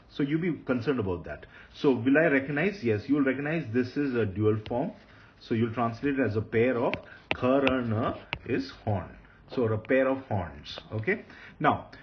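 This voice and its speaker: A man teaching Hebrew grammar in a recorded lecture, patient, repeating key points and often pausing with fillers. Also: medium pitch, muffled recording, slight background noise.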